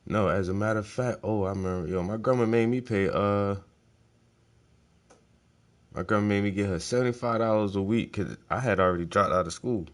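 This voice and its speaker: With a lowish voice and a brisk delivery, this man rambles casually as he paints. He is a painting vlogger telling easygoing stories peppered with profanity.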